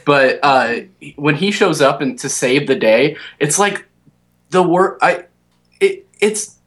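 A man with a fairly high-pitched voice, chatting casually about a movie and laughing often. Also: animated, takes it slowly, a bit bright.

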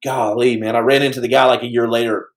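A man telling a story on his podcast in a casual, animated way, stumbling over restarts and acting out the quotes. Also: mid-range voice, fast talker, heavy background noise.

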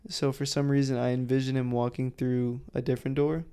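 Man, podcast co-host, casual profane storytelling, mellow, smooth voice. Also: mid-range voice, brisk. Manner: profane, animated storyteller who acts out quotes loudly.

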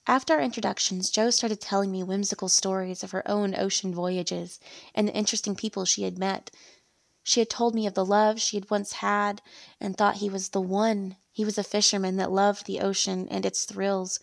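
A woman reads a first-person story aloud in a steady, even storytelling manner. Her voice has a gravelly, creaky texture. The recording is dry and close, with no room sound. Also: medium pitch, moderate pace, no room sound.

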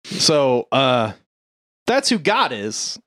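A man casually recapping a movie plot on a podcast, acting out the characters' lines in quick bursts. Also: mid-range voice, sing-song, creaky, fairly bright tone, no echo, studio quality. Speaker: podcast co-host.

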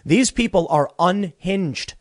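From a cramped closet studio with no room sound, a young adult man hosts a political commentary show. His voice sits high with lively intonation, but he speaks slowly, ranting with animation and stumbling through repeated words.

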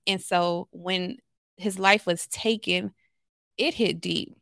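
A woman's voice: lowish voice, steady tone, takes it slowly, creaky, fairly bright tone, no echo, studio quality. A woman from Los Angeles, a therapist, telling candid stories as a podcast guest with many fillers. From Los Angeles, USA. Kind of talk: podcast conversation.

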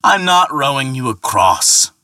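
A man's voice: medium pitch, big pitch swings, a little slow, pushed and bright, no room sound, clean studio sound, pitched above the performer's own voice, exaggerated voice. A man voicing a sly, mocking, one-eyed old ferryman who taunts. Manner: jeering, taunting.

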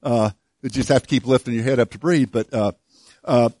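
A man's voice: mid-range voice, steady tone, fairly quick, a little mellow, no room sound, clean studio sound. A middle-aged man preaching a sermon as pastor, conversational and self-deprecating, with frequent restarts and light humor.

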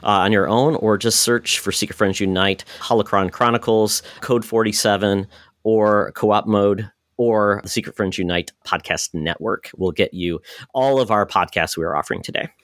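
A man's voice: on the low side, fairly even intonation, moderate pace, fairly bright tone, dry recording, studio quality. A man co-hosting a podcast, talking casually and thanking listeners in an upbeat way. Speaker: podcast host.

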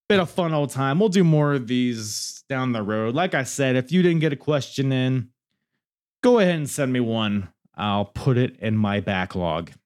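A man hosting a solo podcast and answering listener questions, joking and rambling as he goes, often laughing. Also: medium pitch. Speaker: podcast host.

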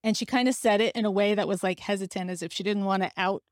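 A woman's voice: medium pitch, fairly even intonation, fast talker, no room sound, studio quality. Candid woman telling a personal story. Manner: candid, emotional, acts out quoted voices. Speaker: podcast host.

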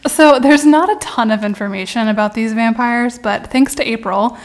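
Young woman podcast host, casual storyteller, husky vocal fry, chatty with fillers. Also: on the high side, normal speed. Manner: chatty, filler-heavy, trailing off.

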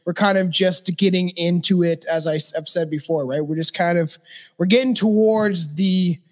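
A man's voice: sits high, steady tone, normal speed. A man from Canada co-hosting a podcast, laughing often and talking in a loose, profane way. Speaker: podcast co-host. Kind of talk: casual chat.

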